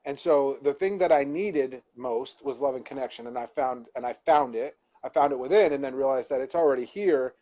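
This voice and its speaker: A man's voice: medium pitch, fairly quick, hardly any pauses, warm tone. Reflective man on dull lo-fi call. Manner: reflective, searching for words, self-correcting. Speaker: co-host. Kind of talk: motivational live-stream talk.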